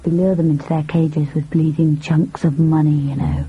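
A young woman with a husky voice, speaking in a sardonic, dry and sharp-tongued way. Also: deep voice, flat delivery, moderate pace, narrow, tinny audio. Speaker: daughter character. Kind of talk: drama acting.

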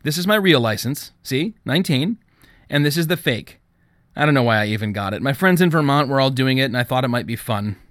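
A man voicing a calm, self-assured young woman of nineteen in an audiobook, speaking in an even, composed way. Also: mid-range voice, brisk, dry recording, clean studio sound, natural voice.

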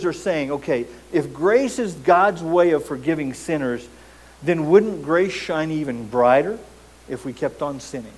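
A man's voice: on the high side, a little mellow, poor audio. A man preaching a sermon as pastor, emphatic, posing rhetorical questions and repeating words as he goes.

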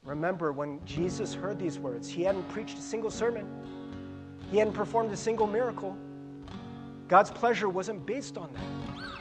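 A man's voice: high-pitched, normal speed, music in the background. A middle-aged man preaching a conversational sermon as a pastor, often stumbling over repeated words. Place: church sanctuary.

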